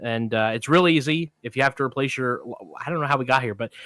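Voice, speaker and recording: A man talking quickly at medium pitch, recorded dry, co-hosts a film podcast. During casual chat he tells an extended anecdote with animated energy, doing the voices of the people he quotes.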